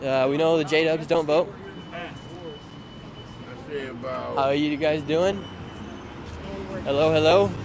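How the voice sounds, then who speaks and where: A man hosting casual street interviews on a live stream, chatty and upbeat, asking passersby quick friendly questions outdoors on a city street. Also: on the high side, fairly even intonation, crowd noise. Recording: clear street traffic noise. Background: traffic and street noise.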